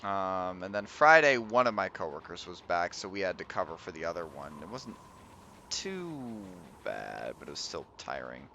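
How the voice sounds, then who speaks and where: A man's voice: sits low, big pitch swings, moderate pace, bright, forceful tone, a little hiss or hum. A young man with a Midwestern American accent chatting casually with viewers while streaming a game, laughing often and trailing off as he reads.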